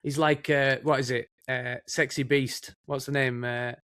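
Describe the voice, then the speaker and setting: A chatty Northern English man talks films in a loose, rambling way, his pitch sitting in an ordinary middle range. The sound is dry and close, with no room around it. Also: little pitch movement, measured pace, a bit bright, clear, resonant tone, no echo. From Northern England. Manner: chatty, rambling, says mate often. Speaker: co-host, film production assistant. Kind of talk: casual film chat.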